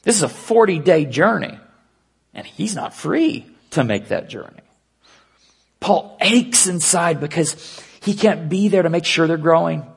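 Guy preaching a sermon, kinda raspy and a bit higher pitched, earnest, goes quiet to make a point. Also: expressive. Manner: earnest preaching with hushed, slowed emphasis. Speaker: pastor.

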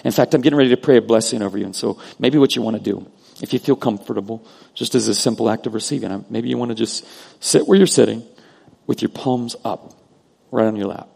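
A man preaching a sermon as pastor, earnest, moving between loud emphasis and hushed prayer. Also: medium pitch, fast, vocal fry, slightly rough. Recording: long hall reverb.

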